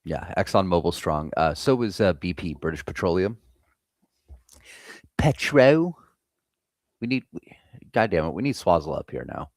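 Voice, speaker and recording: A man's voice: low voice, animated, fairly quick, hardly any pauses, dry recording, clean studio sound. An American man hosting a live trading stream, chatting casually and swearing freely while reading the chat. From United States. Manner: loose, profane, chatting with viewers.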